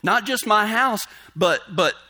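Earnest castaway man stranded for years, as a preacher puts him on, high and bright, plain-spoken, from a sermon joke. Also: animated, slow, heavily acted.

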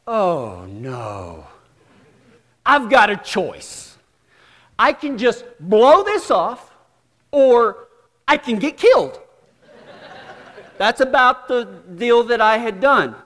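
A man preaching a storytelling sermon, folksy and self-deprecating, with dramatic pauses. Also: high-pitched, a bit bright. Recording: long hall reverb.

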